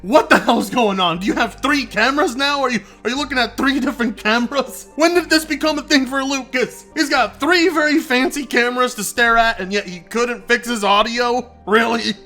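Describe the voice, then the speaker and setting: Man, sarcastic reaction commentary, mocking tone, bright edgy voice, faint music underneath. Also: very high voice, normal speed, few pauses. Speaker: commentary YouTuber.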